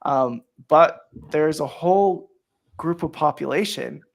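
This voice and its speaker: A man's voice: a little high, slow pace, gravelly. A man hosting a casual podcast chat, earnest and emotional, with many fillers and restarts. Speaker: host.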